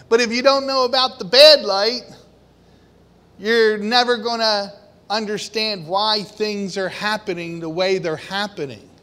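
A man delivers a sermon to his congregation in a high, bright voice. He speaks slowly and animatedly, acting out the voices of worried people and of God. The sound rings with a long hall reverb. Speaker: preacher.

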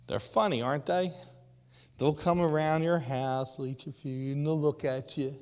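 A man's voice: a little high, steady tone, normal speed, a little mellow. A man preaching a sermon, addressing his congregation directly and rising to impassioned cries. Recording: long reverb of a large hall.

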